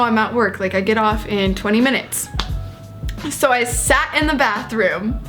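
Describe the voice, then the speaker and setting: Animated young woman telling a story. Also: fairly high pitch. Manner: animated storytelling, quotes herself. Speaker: co-host. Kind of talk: casual story time chat.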